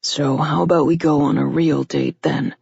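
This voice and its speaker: A woman voicing a gruff, heated male lover. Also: fairly even intonation, moderate pace, darkish tone, dry recording, dull audio, heavily acted. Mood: hopeful. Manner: low, heated, urgent. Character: gruff, hungry-voiced adult male lover.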